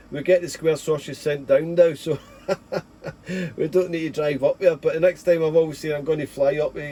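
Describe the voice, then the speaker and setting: A chatty Scottish man in his forties, talking casually into a ham radio mic at his home station. His voice is mellow and dark, with faint noise hanging behind it. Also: mid-range voice. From Scotland. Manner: chatty, folksy, leans on 'there' and 'mate'. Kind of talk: casual radio contact chat. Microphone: radio transceiver mic.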